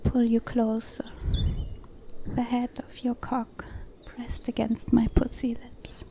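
A young adult woman narrating a whispered role-play, breathy and soft, with frequent small laughs. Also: fairly high pitch, monotone, slow.

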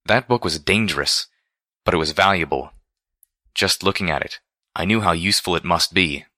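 A man reading a first-person story aloud in a measured, deliberate way. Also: sits low, bright, forceful tone, dry recording, studio quality. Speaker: audiobook reader.

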